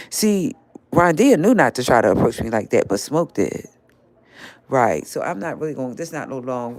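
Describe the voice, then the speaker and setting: A woman's voice: very deep voice, darkish tone, no echo. Older woman ranting confrontationally. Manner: confrontational, scolding, addressing someone directly. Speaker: live-stream host. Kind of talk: live-stream rant.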